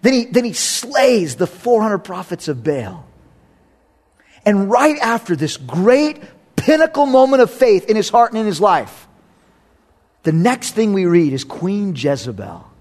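A male pastor with a notably high-pitched voice delivers a sermon. He tells the story with animated energy and acts out the characters. He moves between forceful emphasis and hushed, intimate asides. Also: unhurried. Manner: swings between loud emphasis and quiet asides.

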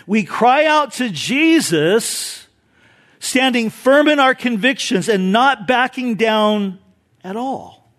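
A man's voice: high-pitched, fairly bright tone. A male pastor preaching a sermon emphatically, with rhetorical questions and repeated phrases.

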